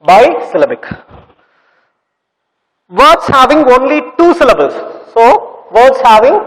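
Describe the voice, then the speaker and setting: A man with a high voice teaches a classroom lesson, going over words again and again and drawing out their sounds. His voice carries with a long reverb, as if in a large, hard-walled room. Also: big pitch swings, fairly bright tone. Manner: slow, repetitive explaining with drawn-out sounds. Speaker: English teacher.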